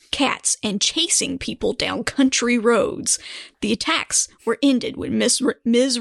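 A woman's voice: on the high side, vocal fry, fairly bright tone, husky, no room sound, clean studio sound. A woman co-hosting a podcast, reading news stories aloud in casual chat. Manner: reads articles aloud with frequent laughs. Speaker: podcast co-host.

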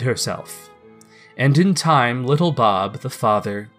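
A man reading a classic story aloud in a measured, expressive way. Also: medium pitch, soft background music. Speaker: narrator. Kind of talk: storybook narration.

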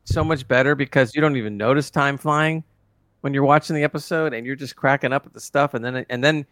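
This is a man co-hosting a casual review podcast. He is keen and rambling, backing up and restarting his thoughts as he goes. His voice sits at a middling pitch, and the recording is dry and close. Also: fairly quick, a bit bright, dry recording. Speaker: podcast co-host.

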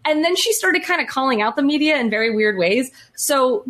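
A talkative woman co-hosting a casual podcast chat. Her voice sits a little high, and she speaks with lively, animated energy. She tends to act out voices as she tells a story. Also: fairly quick. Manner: animated, chatty, acts out quoted voices. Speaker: podcast co-host.

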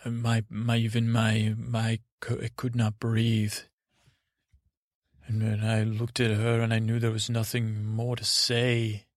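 A man hosting a podcast, telling a meandering bedtime story in a halting, self-correcting way. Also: on the low side, monotone, dry recording, studio quality.

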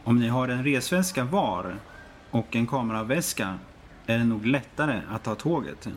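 A man playing a brisk airport desk clerk. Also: mid-range voice, lively intonation, a little hiss or hum, close to an everyday voice. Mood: helpful. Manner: fast, matter-of-fact helpfulness. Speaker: airport information desk clerk in a practice dialogue. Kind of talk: scripted dialogue for learners.

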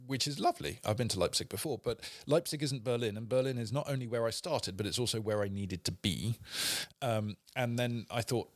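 A man's voice: medium pitch, no echo, studio quality. An English man co-hosting a podcast, telling rambling, self-deprecating travel stories in casual chat. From England. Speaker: podcast co-host. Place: studio.

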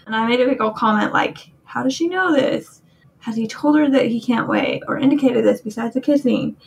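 A woman with a higher, gravelly voice talks wryly and at ease about notes she left on a draft. A faint hiss sits under the recording. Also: quick pace, far from the mic, low-quality recording. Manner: wry, relaxed, quotes her own comments. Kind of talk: casual critique chat.

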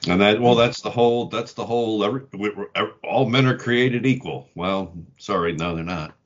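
A man hosting a podcast in casual chat, low-key and unhurried. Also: muffled recording. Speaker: podcast host.

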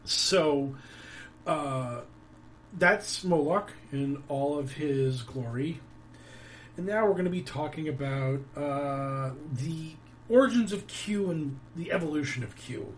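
A man's voice: medium pitch, slight background noise. Rambling, sardonic male commentator. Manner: rambling, filler-heavy, sardonic. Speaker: podcast host. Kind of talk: casual commentary.

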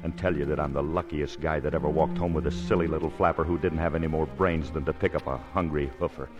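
An actor playing a brash young male dancer who talks in quick, wisecracking slang, in 1940s radio acting. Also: rumbling low, fairly even intonation, highs cut off, music in the background.

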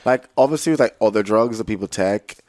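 A man's voice: lowish voice, fast talker, a little mellow, no echo, studio quality. A young man co-hosting a podcast, speaking bluntly and teasing his co-host in casual chat.

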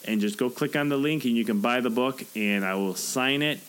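A man's voice: medium pitch, fairly quick, a bit bright, clear, resonant tone, low-quality recording. A man hosting a motivational podcast, talking earnestly and acting out the things people say to themselves. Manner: earnest, coaching, acts out inner voices. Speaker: podcast host and author. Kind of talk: motivational solo podcast talk.

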